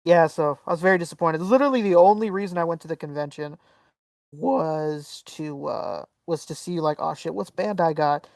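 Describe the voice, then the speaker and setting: A man co-hosting a podcast, telling a story in casual, animated chat full of swearing and fillers. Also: fairly high pitch, normal speed, vocal fry, no echo, far from the mic. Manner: animated, profane, lots of fillers. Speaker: podcast co-host.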